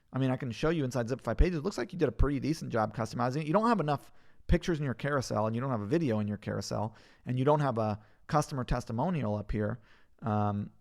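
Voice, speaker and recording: A man's voice: medium pitch, creaky, a little mellow. A man hosting a casual live Q&A, reviewing viewers' pages and answering their questions in a loose, jokey, sometimes profane way. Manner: reads questions aloud and reviews pages on screen.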